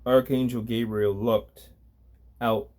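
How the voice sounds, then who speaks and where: A man reading a story aloud as narrator, at a deliberate pace. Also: mid-range voice, flat delivery, darkish tone.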